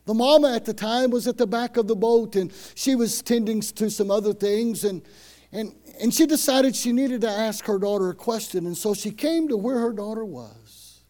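A man preaching a sermon as pastor, telling a story and leading prayer, going from loud, urgent passages to hushed whispers. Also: high voice, moderate pace. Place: church.

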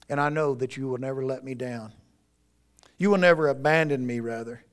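A middle-aged male pastor preaching a sermon in a church, earnest and pleading, rising to emphatic peaks and dropping to quiet appeals. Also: medium pitch, brisk. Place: church sanctuary.

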